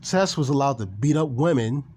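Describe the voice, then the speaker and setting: A man's voice: mid-range voice, expressive, moderate pace, a little mellow, a little hiss or hum. A man ranting casually and with animation about wrestling, swearing and repeating himself. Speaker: gaming and wrestling commentator. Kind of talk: casual opinion rant.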